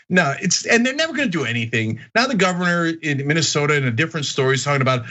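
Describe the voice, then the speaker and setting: Fired-up guy ranting at his viewers, high bright voice that swings all over. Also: racing, hardly any pauses. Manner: animated, indignant, talks to viewers directly. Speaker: political commentary host. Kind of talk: heated opinion commentary.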